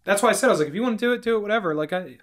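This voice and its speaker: A man's voice: sits high, expressive, racing, fairly bright tone. A young man co-hosting a podcast, talking loosely and laughing, peppering his speech with "dude" and "like". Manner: rambling, laughing, says "dude" and "like" a lot. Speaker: podcast co-host. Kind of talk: casual chat.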